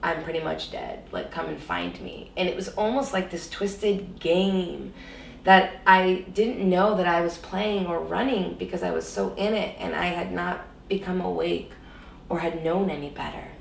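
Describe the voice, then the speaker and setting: A little slow and fairly even in intonation, this woman's fairly low, creaky voice carries an earnest, reflective personal story told as an interview guest, with frequent "you know"s. Captured from a distance and a bit off-mic, the audio has roomy echo, faint ambience and slight hiss or hum.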